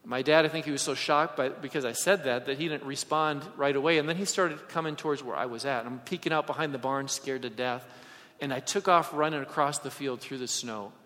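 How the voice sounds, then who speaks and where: A man preaching a sermon and telling personal stories, swinging from loud emphasis to hushed asides. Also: medium pitch, brisk. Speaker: pastor. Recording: long hall reverb.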